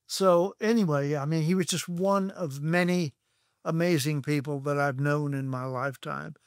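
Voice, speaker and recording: Older man telling unhurried anecdotes. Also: fairly high pitch, fairly even intonation, dry recording, studio quality. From Texas, USA. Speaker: interview guest. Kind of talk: reminiscing storytelling.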